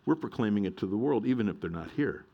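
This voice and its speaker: A man's voice: fairly low pitch, animated, quick pace, highs cut off. A middle-aged male pastor preaching a sermon, earnest and emphatic, repeating key phrases.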